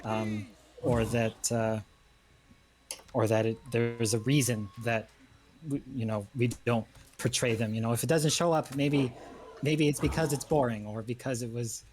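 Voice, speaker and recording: A man speaking as a historian guest in a casual livestream chat, halting with many fillers and restarts. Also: medium pitch, fairly even intonation, a little mellow.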